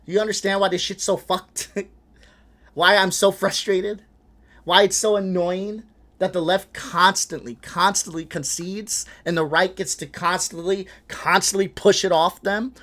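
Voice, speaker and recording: A man hosting a reaction video, talking in a frustrated, animated way, swearing and laughing between points. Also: high voice, a little slow. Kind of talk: casual reaction commentary.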